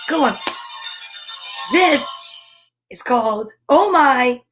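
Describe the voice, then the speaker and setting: A woman's voice: sits high, expressive, extremely slow, fairly bright tone, soft background music. A woman reading a children's picture book aloud in a playful way, with animal noises. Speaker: children's storyteller.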